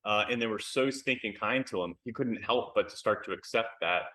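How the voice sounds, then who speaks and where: American guy, lowish bright voice, chatty and candid, lots of ums, video call interview. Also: brisk, rough recording. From United States. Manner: candid, lots of fillers and repeated words. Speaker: author, interview guest. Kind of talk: casual interview chat.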